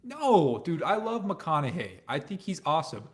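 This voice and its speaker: A man as a guest on a casual sports podcast, blunt and opinionated, often trailing off quietly at the ends of his points. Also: a little high, sing-song, moderate pace.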